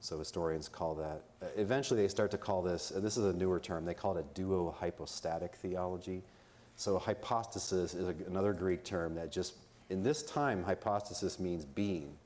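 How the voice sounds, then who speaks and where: A man's voice: sits low, moderate pace, a little mellow. A man giving an informal academic talk at a conference, explaining ideas in plain, conversational terms with asides and jokes. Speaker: conference speaker. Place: conference venue.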